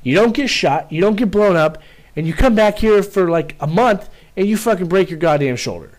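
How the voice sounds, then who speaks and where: A man voicing his angry male first sergeant, who yells and swears as he berates a soldier. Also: sits high, expressive, normal speed, voice pushed up. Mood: berating. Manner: yelling, berating, profane.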